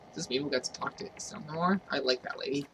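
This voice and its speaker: A man's voice: fairly high pitch, fast. A man playing through a role-playing game and reading its dialogue aloud. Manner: reads every character's lines himself. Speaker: let's play narrator. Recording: distant mic, noisy room.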